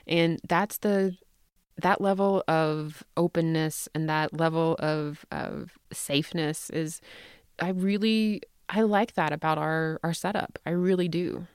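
A candid, animated woman chats on a podcast, her voice sitting fairly low for a woman. She tells a family story with frequent laughs, recorded dry and close in a sound studio. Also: measured pace, clear, resonant tone, no echo. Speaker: podcast host and mother. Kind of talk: casual storytelling chat.

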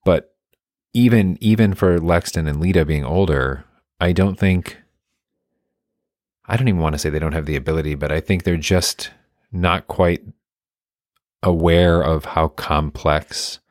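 A man's voice: very deep voice, unhurried, long pauses, no echo, clean studio sound. A man and parent talking things through in casual conversation, thoughtful and earnest, searching for the right words.

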